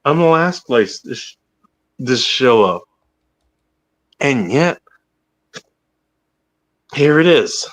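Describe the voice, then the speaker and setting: A man's voice: medium pitch, sing-song, drawn-out words, long pauses. A man hosting a casual livestream chat, rambling and swearing freely, with hiccups. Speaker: podcast host.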